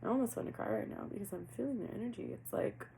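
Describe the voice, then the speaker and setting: Woman tarot reader, gravelly edge, earnest and heartfelt, channels messages as she talks, faint hiss underneath. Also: fairly high pitch, quick pace, mellow, poor audio. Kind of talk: casual tarot reading.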